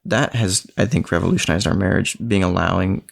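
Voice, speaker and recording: A man's voice: deep voice, a little fast, gravelly. A man co-hosting a podcast, a filmmaker and parent talking casually and telling stories with lots of laughter. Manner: animated storyteller, laughs often. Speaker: podcast co-host. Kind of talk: casual conversation.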